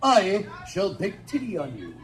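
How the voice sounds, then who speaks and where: A man's voice: high-pitched, wildly swooping pitch, measured pace, heavily acted. A man voicing an ugly old witch who bargains spitefully, in mock-grand storybook speech. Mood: haughty. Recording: phone recording with fair noise behind.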